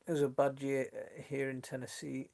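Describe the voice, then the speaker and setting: Gravelly-voiced man with a Yorkshire accent. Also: mid-range voice, completely flat delivery, moderate pace, a little mellow. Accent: mixed Leeds and Sheffield. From Northern England. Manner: chatty and friendly, trails off and restarts often. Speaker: gardening channel host. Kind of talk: casual live stream chat, reading out viewer comments. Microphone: phone.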